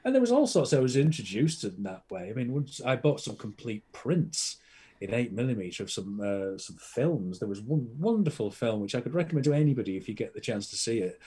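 A man's voice: medium pitch, big pitch swings, a little fast, warm tone, husky. A man chatting as a podcast guest, enthusiastic and rambling with plenty of fillers. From Britain. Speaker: podcast guest, film collector. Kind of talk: casual chat.

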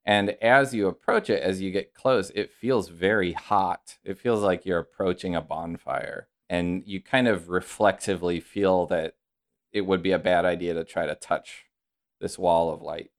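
A deep-voiced man runs a tabletop RPG session as game master, describing scenes at a measured pace and dropping in the occasional filler.

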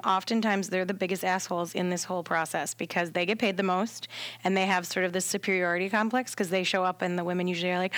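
A woman, a doula and podcast guest, telling a story in a casual, animated way and acting out the quotes with laughs. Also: medium pitch, no room sound.

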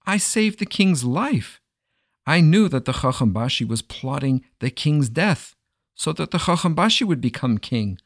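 A man's voice: a little high, big pitch swings, unhurried, no room sound, studio quality, voice pushed up, heavily acted. A man voicing a scheming male prime minister who pleads and stammers when caught.

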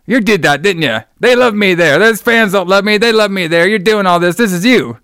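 A man doing an impression of a brash, boastful male wrestling heel manager who rants loudly and calls everyone "brother". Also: on the high side, brisk, no room sound, studio quality. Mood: ranting. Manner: loud, ranting, says "brother".

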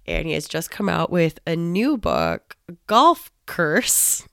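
A woman's voice: low-pitched, huge pitch swings, a little slow, creaky, smooth, no echo, studio quality. A woman co-hosting a podcast, talking in an upbeat, chatty way with fillers and laughs. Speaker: podcast co-host. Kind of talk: casual podcast chat.

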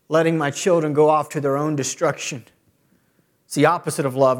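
A middle-aged man preaching a sermon as a pastor. He often builds to loud, emphatic peaks. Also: on the high side, fairly even intonation, normal speed.

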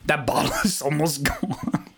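A man's voice: on the high side, a little slow, vocal fry, a bit bright. A young man co-hosting, teasing his friend in drunk comedic podcast banter. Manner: teasing, mock-earnest, repeats jokes. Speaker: podcast co-host.

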